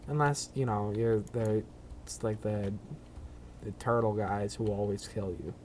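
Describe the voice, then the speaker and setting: A man's voice: on the low side, steady tone, measured pace, darkish tone, slight background noise. A man streaming a video game, rambling through casual commentary with self-mocking asides.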